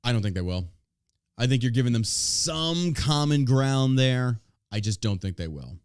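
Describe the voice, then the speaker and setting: A man hosting a podcast, mid-pitched and animated, swearing freely and jumping up in pitch when he is riled. His voice is recorded dry and close. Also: moderate pace, clean tone, no echo. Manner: animated, profane, sarcastic. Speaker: podcast host. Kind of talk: casual podcast chat.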